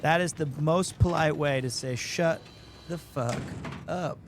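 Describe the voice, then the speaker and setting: A male streamer talks through his game in a high, unhurried voice, teasing his chat and laughing at his own jokes. The casual commentary sits over a clear bed of background noise. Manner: joking, teasing, laughs often.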